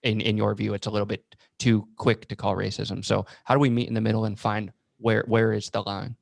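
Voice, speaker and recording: A man's voice: lowish voice, level tone, a little fast, vocal fry, no room sound, studio quality. A man talking on a podcast, asking thoughtful questions in a casual chat. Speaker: podcast guest.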